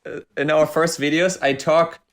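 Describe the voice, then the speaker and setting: A man's voice: on the high side, steady tone, normal speed, a bit bright, a little hiss or hum. A man, a podcast guest, talking casually in a wry, self-mocking way. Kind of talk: casual chat.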